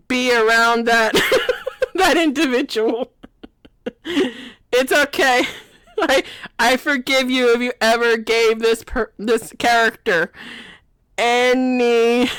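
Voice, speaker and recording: Woman, high voice, giggly, self-deprecating, rambling monologue. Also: fairly bright tone, clean tone, no room sound. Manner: giggly, laughing through her words, self-deprecating. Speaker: video creator.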